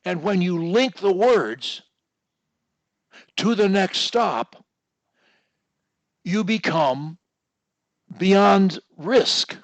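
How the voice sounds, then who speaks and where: A man coaching one-on-one over a video call, explaining techniques in a deliberate, instructive way and drawing words out. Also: high voice, no echo. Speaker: speech coach.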